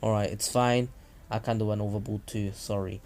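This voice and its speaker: Man doing a young ninja who threatens low and quiet, fan retelling, casual read. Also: fairly even intonation, normal speed, close to an everyday voice. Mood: calm.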